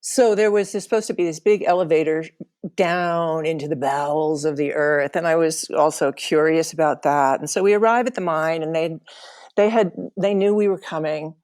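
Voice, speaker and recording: A woman's voice: low-pitched, fairly even intonation, normal speed, a little mellow. A middle-aged woman telling a personal travel story, emotional and laughing now and then as she recalls it. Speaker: podcast storyteller.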